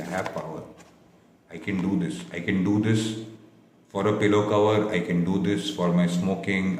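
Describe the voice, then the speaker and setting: A man facilitating a workshop, leading a guided self-reflection meditation with slow, repetitive, soothing affirmations. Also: deep voice, echoey room.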